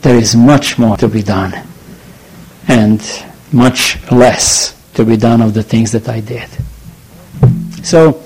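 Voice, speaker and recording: A man preaching a sermon in an earnest, halting way, often pausing to search for his words. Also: mid-range voice, darkish tone, breathy edge, poor audio.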